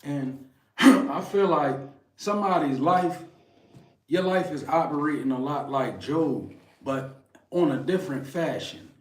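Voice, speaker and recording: Speaking unhurriedly in a voice on the high side, a card reader co-hosting a stream earnestly recounts a scripture story as a spiritual message. The mic is distant, leaving the sound roomy with faint noise.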